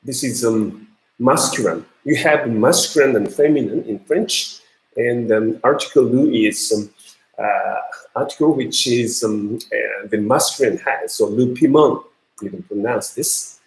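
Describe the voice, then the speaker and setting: Slow, halting lecturer in an echoey room. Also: male voice, mid-range voice, gravelly. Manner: halting, many ums and uhs. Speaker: university lecturer. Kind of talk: classroom lecture on pronunciation.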